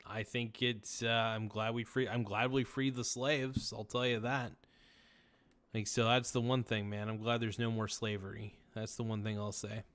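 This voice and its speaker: A man's voice: fairly low pitch, little pitch movement, moderate pace, a bit bright. A man hosting a casual livestream talk show, reading viewer messages aloud in a tired, rambling, laid-back way. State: tired, yawning. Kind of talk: casual late-night stream chat reading viewer messages.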